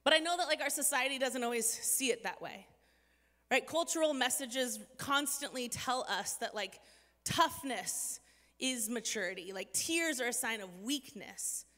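Woman in her 30s giving an earnest talk to a crowd, high bright voice, lots of "like", echoey hall. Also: animated, moderate pace. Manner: chatty and earnest, frequent "like", self-deprecating asides. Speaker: speaker addressing an audience. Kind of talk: inspirational talk to a live audience.

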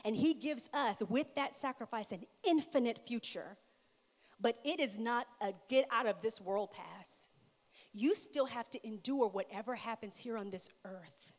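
A middle-aged woman giving an earnest, emphatic sermon-style testimony, repeating her key phrases. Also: on the high side. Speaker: speaker at a church. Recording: long hall reverb.

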